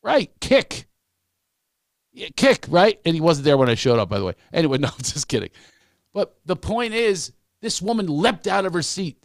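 A middle-aged man, a comedian guest on a podcast, telling comic stories in an animated way and acting out the people he quotes. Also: moderate pace, vocal fry, dry recording, studio quality. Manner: animated storyteller, acts out quoted voices, big pitch swings. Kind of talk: storytelling in a podcast chat.

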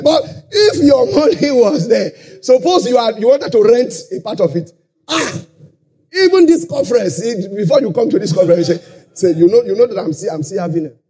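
A man with a Nigerian accent preaching a sermon, shouting key lines and lapsing into a sing-song cadence. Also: high-pitched, husky. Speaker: pastor. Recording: live conference hall.

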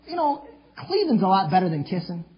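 A man preaches a sermon in a church, his high, husky voice rising into emphatic bursts. The recording is dull and lo-fi, like an old church tape. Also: sing-song, fairly quick. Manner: emphatic preaching with sudden loud outbursts. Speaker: pastor.

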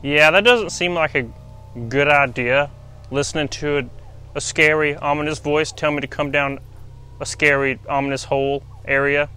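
A man's voice: a little high, fairly even intonation, moderate pace, sharp tone, clear, resonant tone, faint music behind. A man acting in a comedy skit, talking in a playful, self-mocking way. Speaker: YouTube creator acting in a skit.

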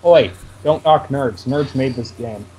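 A man's voice: mid-range voice, a little slow, warm tone. A man casually co-commenting on a game, dry and teasing, reading the on-screen text aloud. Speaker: let's play co-host. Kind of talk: casual gameplay chat.

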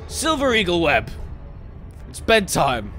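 A man voicing a scolding mum who sends her child to bed, in a put-on Scottish accent and a loud bellow. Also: high voice, wildly swooping pitch, slow, over music, voice pushed up, exaggerated voice. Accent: mock Scottish.

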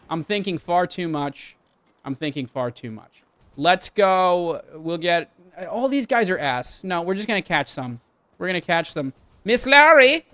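A man's voice: fairly high pitch, a bit bright. A young man chatting casually and swearing while he streams a game and talks to his chat. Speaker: livestreamer. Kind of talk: casual live game commentary.

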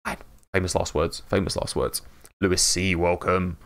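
A man's voice: deep voice, flat delivery, normal speed. A British man live streaming a game in casual chat, mumbling and slurring his words and laughing often.

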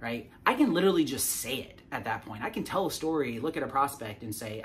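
A man of middle pitch talks through sales advice in a loose, conversational teaching style. He keeps tagging his points with "right?" and doubles back on his words as he goes. A faint hum of room noise sits underneath. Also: expressive, fairly quick, hardly any pauses. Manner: keeps checking in with "right?", frequent restarts and repeated words. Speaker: sales coach. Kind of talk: casual teaching to camera.

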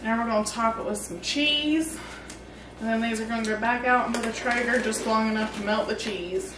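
A woman hosting a casual barbecue cooking vlog, chatty and excited as she cooks and tastes the food. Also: a little high, a little fast, reverberant, distant mic, background noise. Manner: excited, chatty, talks while tasting. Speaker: barbecue channel host.

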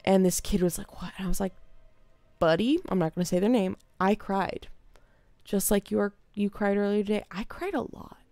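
A woman's voice: medium pitch, moderate pace, dry recording, faint music behind. A young adult woman streaming a game, chatting casually and telling stories from teaching theater, her voice dropping to a whisper when she quotes a child. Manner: animated, drops to a whisper when quoting a child. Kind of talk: casual storytelling while gaming. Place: home streaming setup.

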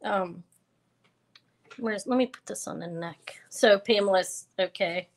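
A woman's voice: medium pitch, measured pace. A woman hosting a live online jewelry auction, chatting casually and rambling with fillers and self-corrections. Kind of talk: casual live-stream selling chat.

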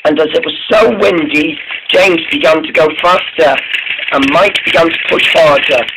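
A man's voice: fairly high pitch, normal speed, background noise. A man telling an improvised story about steam engines, often stumbling and restarting his sentences.

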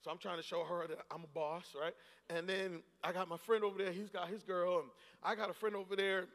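A pastor in his forties preaching a sermon, telling a story and rising into shouts and laughter. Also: high voice, flat delivery, fairly quick, creaky. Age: 40s. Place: large church hall. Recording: long hall reverb.

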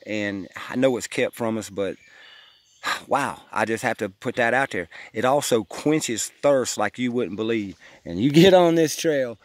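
A man's voice: mid-range voice, dry recording. A man chatting casually outdoors on a wooded trail, folksy and enthusiastic as he forages. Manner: folksy, enthusiastic, keeps saying "y'all". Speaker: vlogger foraging on a hiking trail. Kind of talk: casual outdoor vlog chat.

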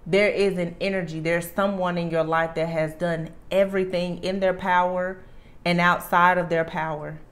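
A woman with a fairly low voice reads tarot cards for an unseen audience. She speaks earnestly and with emphasis, piling on "like" and starting her phrases over as she goes. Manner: earnest and emphatic, with frequent restarts and "like". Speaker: tarot reader. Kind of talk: tarot reading monologue.

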